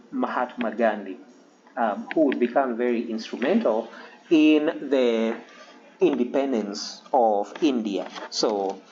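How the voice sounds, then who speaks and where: Halting male history lecturer, lo-fi sound. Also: mid-range voice, warm tone. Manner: halting, many ums, frequent throat-clearing. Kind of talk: classroom lecture. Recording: dull lo-fi recording with faint hiss.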